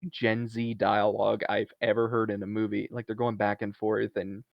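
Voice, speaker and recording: A man with a creaky, lowish voice recaps a movie casually as a podcast co-host, speaking at normal speed. He tells the story in an animated way, performing the characters' lines. The recording is dry and dull lo-fi.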